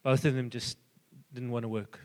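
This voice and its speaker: An older man giving an earnest, halting personal testimony full of fillers and restarts. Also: mid-range voice, flat delivery, darkish tone, in a large hall. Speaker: church member giving a testimony.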